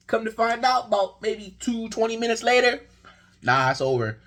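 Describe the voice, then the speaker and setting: A man's voice: very high voice, expressive, brisk, fairly bright tone. A young man rambling through a basketball game recap in a casual vlog, telling the story with exasperation. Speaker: sports vlogger.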